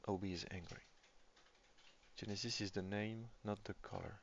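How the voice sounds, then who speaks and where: A man's voice: lowish voice, steady tone, normal speed, gravelly, slight background noise. A man giving casual live-stream commentary on a tabletop game, thinking aloud as he reads the game state. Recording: dull lo-fi stream audio.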